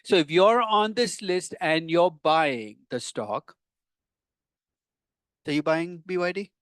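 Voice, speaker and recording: A man's voice: on the high side, slow pace, fairly bright tone, smooth, no room sound. An older man, a professor giving a conversational classroom lecture with wry, teasing asides to his students.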